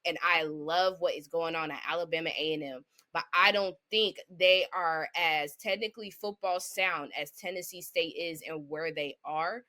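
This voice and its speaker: A woman's voice: low-pitched, steady tone, moderate pace, hardly any pauses, sharp tone. A woman co-hosting a sports podcast, giving confident, opinionated takes in casual talk. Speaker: podcast co-host.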